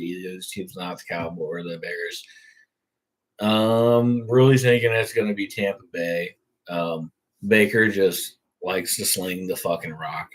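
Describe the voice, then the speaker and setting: A man's voice: lowish voice, low-quality recording. A young man hosting a casual sports talk show, rambling and swearing freely. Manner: profane, rambling. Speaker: host.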